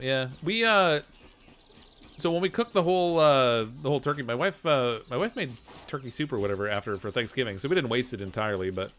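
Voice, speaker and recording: A man in his forties with a slight Canadian accent, chatting casually while streaming a game, relaxed and chuckling, with many fillers. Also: mid-range voice. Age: 40s. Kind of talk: casual gameplay stream chat.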